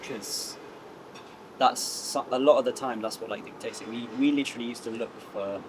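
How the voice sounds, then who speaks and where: A man's voice: medium pitch, moderate pace, background noise. A young man chatting loosely about his day in a coffee shop, filling his talk with "like" and "you know". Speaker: content creator. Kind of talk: casual vlog chat. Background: background music.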